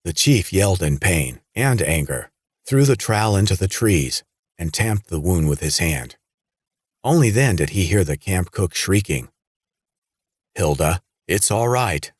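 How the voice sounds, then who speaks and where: A man with a very low, husky voice reads a horror audiobook. His delivery moves up and down in pitch with dramatic flair. The recording is close and dry. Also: moderate pace, dry recording. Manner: dramatic, lively storytelling. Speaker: audiobook narrator. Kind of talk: scripted horror narration.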